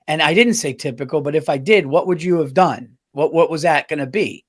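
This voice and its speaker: An animated man with a fairly high voice tells a story on a casual podcast, swearing often. His delivery is chatty and lively, and he quotes what other people said as he goes. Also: moderate pace. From United States. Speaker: podcast co-host. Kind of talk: casual chat.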